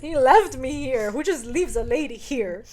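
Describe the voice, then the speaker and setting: A woman co-hosting a casual podcast, retelling a story with animated energy. She slips into the voices of the people she describes. Her voice sits high and swings widely in pitch. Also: moderate pace. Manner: animated retelling, acts out characters, frequent laughter. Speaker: podcast co-host. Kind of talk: casual chat.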